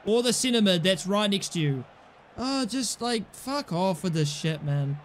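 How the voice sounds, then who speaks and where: A man's voice: high-pitched, animated, a little slow, a little hiss or hum. A young man giving casual commentary over his own gameplay, exasperated and sarcastic, swearing often. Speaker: gaming channel host.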